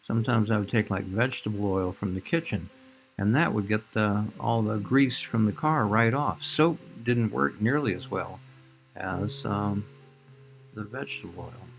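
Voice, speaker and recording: A man's voice: on the low side, moderate pace, faint music behind. A man teaching a recorded biology lecture, explaining slides and speaking directly to his students.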